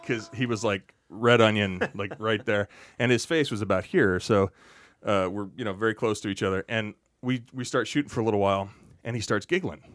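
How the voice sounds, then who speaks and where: A man on a podcast as a guest, telling a relaxed, chatty anecdote full of asides. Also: on the low side, brisk, dry recording, clean studio sound. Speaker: podcast guest, actor and stuntman. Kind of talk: casual storytelling on a podcast.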